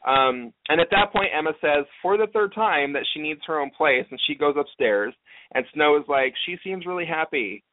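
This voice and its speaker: Over a tinny, phone-like line with faint hiss, a man with a fairly high voice and no echo talks at normal speed. Co-hosting a casual podcast, he's chatty and playful as he recaps a TV episode at length.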